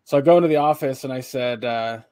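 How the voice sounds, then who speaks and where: A young man co-hosting a podcast, telling rambling stories full of swearing. His pitch sits in a middle range. The sound is dry and close, with no room around it. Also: quick pace, darkish tone, clear, resonant tone, no echo. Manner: profane, rambling storytelling. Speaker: podcast co-host. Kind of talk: casual chat.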